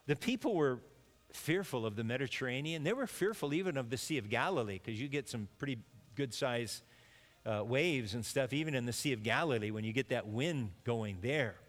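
A man's voice: mid-range voice, lively intonation, moderate pace, big-room sound. A man preaching a conversational sermon, now and then acting out imagined voices. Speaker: pastor.

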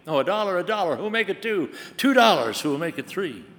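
A preacher voicing an auctioneer calling out rising bids in a recited poem. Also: male voice, sits high, big pitch swings, fast, fairly bright tone, pitched above the performer's own voice, exaggerated voice. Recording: long hall reverb.

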